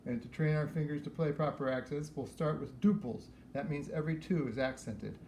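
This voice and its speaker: A man teaching piano, explaining practice methods for scales in a relaxed way while he demonstrates. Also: a little high, fairly quick, a little hiss or hum. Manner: relaxed, explains while playing and counting aloud. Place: room with a piano. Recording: echoey room with piano playing.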